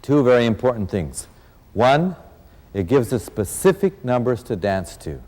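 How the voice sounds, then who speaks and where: A man's voice: mid-range voice, sing-song, unhurried, darkish tone, big-room sound. A man teaching a dance lesson as an instructor, counting beats aloud and encouraging his students. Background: rumba music.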